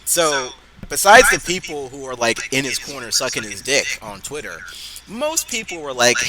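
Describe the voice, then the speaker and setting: A man's voice: mid-range voice, big pitch swings, normal speed, pushed and bright, poor audio. A man co-hosting a casual podcast, ranting hotly with lots of swearing. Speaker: podcast co-host.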